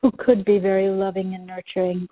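A woman of middle pitch echoes phrases back in a soft, reflective way as a client in a guided tapping session. Her voice comes through a thin, phone-like line that sounds dry and close. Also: level tone, a little fast.

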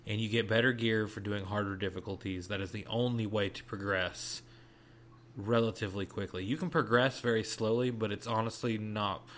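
A man with a fairly low voice co-hosting a casual gaming podcast, walking through how a game works and tossing in dry one-liners. A faint layer of noise sits under his voice. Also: fairly even intonation, moderate pace, fairly bright tone. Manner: dry wisecracks, explains game mechanics. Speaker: podcast co-host.

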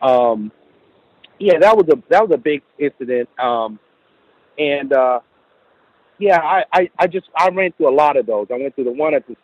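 Guy calling in telling a work story, kinda high voice, lots of "you know", dry sound. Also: moderate pace, pauses often, dry recording, lo-fi sound. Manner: animated retelling with quoted dialogue, frequent "you know". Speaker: caller. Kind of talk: casual storytelling.

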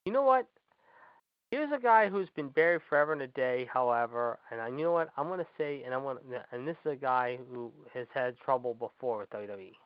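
A man's voice: medium pitch, dry recording. Man, co-host, blunt, profane, dry, muffled. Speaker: podcast co-host. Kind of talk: casual chat. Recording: dry dull lo-fi audio.

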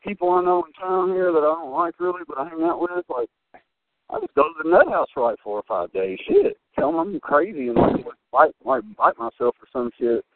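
A young man, a guest, telling rambling, profane, excitable stories full of fillers. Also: on the high side, a little fast, gravelly, dry recording. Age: young adult. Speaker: wrestling guest. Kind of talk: rambling storytelling. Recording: dry, tinny phone-like line.

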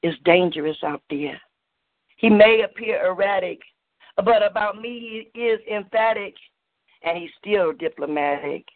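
A man's voice: high-pitched, measured pace, no room sound. A man performing a spoken word poem with a rhythmic, chanting delivery over a call line. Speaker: poet. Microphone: video call. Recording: muffled phone-like call line with faint noise.

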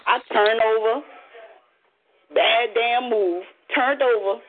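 A high-voiced woman with a husky edge tells a story casually over a muffled phone line. She is animated and profane and acts out the voices of the people in her tale. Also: takes it slowly. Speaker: caller.

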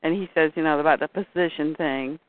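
Woman eagerly retelling comics, tinny sound. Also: low-pitched. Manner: animated, acts out characters' lines in quick voices. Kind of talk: casual chat retelling a comic. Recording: dry tinny phone-like sound.

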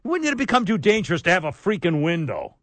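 A man's voice: sits high, big pitch swings, quick pace, a bit bright, no echo. A man hosting a radio talk show, bantering casually and laughing often.

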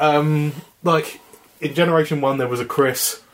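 A man's voice: a little high, fairly even intonation, normal speed. Chatty man co-hosting a podcast. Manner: chatty, laughs often while talking. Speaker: podcast co-host. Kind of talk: casual chat. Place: flat at home.

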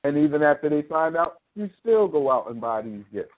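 With big pitch swings in a slightly high voice, a talk show host rattles through a fairly quick, heated monologue of opinions. He's preachy and impassioned, swearing and posing sarcastic rhetorical questions, and the sound is tinny like a phone line.

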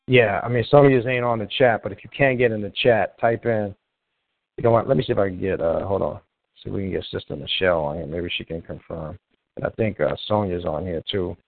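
Low-voiced man hosting a call-in show over a tinny line. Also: a little fast, creaky, dry recording. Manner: rambling and loose, restarts often while troubleshooting callers. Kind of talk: casual live call-in chat. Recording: tinny phone-line sound, dry.

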